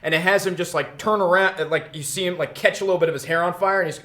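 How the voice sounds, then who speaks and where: Young man, game master, rambling narration, slightly high voice, echoey room. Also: fairly even intonation, fast talker, bright, forceful tone. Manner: rambling, full of fillers and laughter. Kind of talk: narrating a tabletop game on a stream. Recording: roomy echo.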